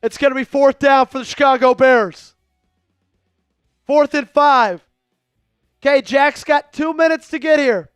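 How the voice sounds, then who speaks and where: This very high-pitched, slightly bright male voice moves at a measured pace and pauses often. He's a livestream host running a fan raffle, hyping donors and calling game plays casually, recorded with no room sound and faint music underneath.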